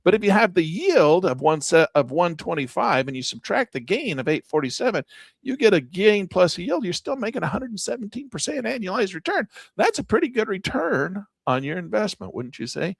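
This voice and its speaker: Animated man teaching investing with wide pitch swings. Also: fairly quick, creaky, no room sound. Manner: animated, repetitive, self-mocking asides. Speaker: finance educator. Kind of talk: casual screen-share tutorial.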